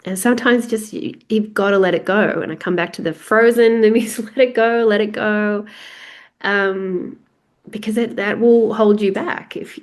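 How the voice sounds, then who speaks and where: A middle-aged Australian woman hosting a podcast, talking candidly and chattily in a solo reflective monologue with laughs and restarts. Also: mid-range voice. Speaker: podcast host. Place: house, on her own.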